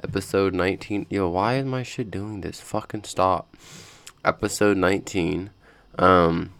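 Low gravelly young man podcasting. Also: slow, a bit bright, no room sound. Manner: rambling, profane, frustrated. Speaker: podcast host. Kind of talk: casual chat. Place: his own room at home.

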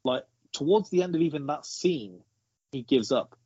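A man's voice: a little high, expressive, moderate pace, mellow, breathy edge, dry recording, muffled recording. A man casually discussing a film on a podcast, explaining his views at length.

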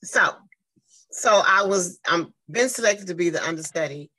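A woman, telling her story casually in conversation, lively and acting out what people said. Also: normal speed, rough recording. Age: 50s. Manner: animated, acts out quoted exchanges with big swings in pitch. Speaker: guest speaker and advocate.

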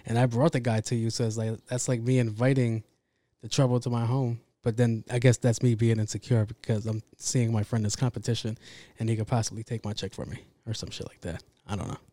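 A man's voice: medium pitch, flat delivery, a little fast, mellow, dry recording. A man hosting a podcast, talking in a casual, rambling monologue full of swearing and self-interruptions. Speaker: podcast host.

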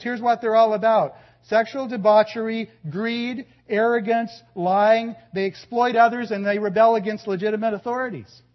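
High-voiced man preaching a sermon. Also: highs cut off. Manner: earnest preaching, drops to a quiet low voice for emphasis. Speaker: pastor.

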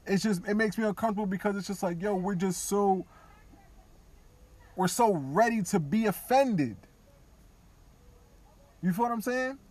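A man podcasting, talking candidly and casually, now and then dropping into quiet mock voices of others. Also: sits high, normal speed, pauses often. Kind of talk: casual opinion talk.

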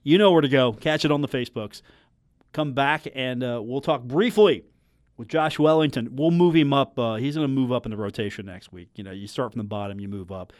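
A man's voice: medium pitch, a little mellow, no room sound. A man hosting live sports radio from a studio, rambling and joking with lots of restarts. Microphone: studio microphone.

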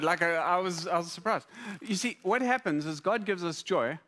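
A man preaching a sermon to a congregation, conversational and humorous, with lively repetitions. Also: high voice, moderate pace. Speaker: pastor. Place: church hall before a congregation.

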